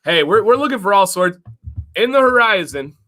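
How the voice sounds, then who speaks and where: A man's voice: high-pitched, expressive, moderate pace, bright, forceful tone. A man co-hosting a casual live stream, chatty and upbeat, greeting viewers and reading their comments. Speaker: livestream co-host.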